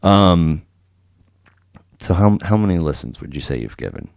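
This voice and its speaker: A man's voice: sits low, animated, normal speed, gravelly, darkish tone, clean tone, no echo, studio quality. A middle-aged man hosting a podcast, talking casually with many restarts and fillers. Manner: rambling, many restarts and fillers, acts out quotes. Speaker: podcast host. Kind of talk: casual conversational interview.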